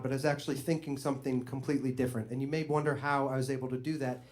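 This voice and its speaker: Male comedian with a mid-range voice, telling a personal story in a conversational, animated way. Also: medium pitch, rapid-fire, few pauses. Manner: animated, conversational, with bursts of laughter. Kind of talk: stand-up storytelling.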